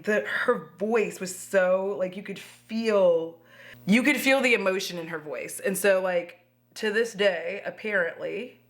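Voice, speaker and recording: A woman's voice: medium pitch, a bit bright. A woman vlogging at home, chatting expressively while doing her makeup and swearing freely. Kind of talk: casual chat to camera.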